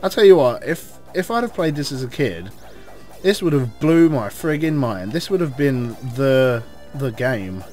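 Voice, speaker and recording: An English man giving casual, rambling commentary while playing a video game, cursing at enemies and shouting when things go wrong. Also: medium pitch, a little slow, faint music behind. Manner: excitable, swears at enemies, rambling asides. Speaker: let's play host.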